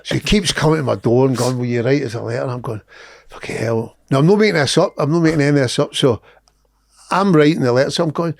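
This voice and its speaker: A man's voice: fairly high pitch, expressive, quick pace, gravelly, darkish tone. A middle-aged Scottish man, a guest comedian telling a rude anecdote on a podcast, swearing and laughing as he talks.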